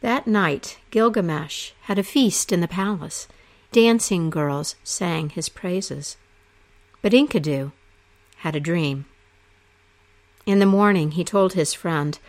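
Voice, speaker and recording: A woman narrating an ancient myth aloud in a slow, expressive storytelling manner. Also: lowish voice.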